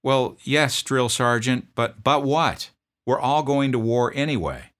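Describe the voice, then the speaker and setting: A man voicing a tearful, homesick young army private who speaks haltingly and pleads. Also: mid-range voice, expressive, fairly bright tone, pitched above the performer's own voice. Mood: pleading.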